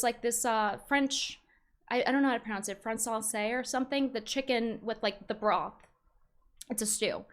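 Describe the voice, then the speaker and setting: Young woman streamer, high voice, rambling frustrated rant. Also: fairly bright tone. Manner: rambling, frustrated, many restarts. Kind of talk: casual stream commentary.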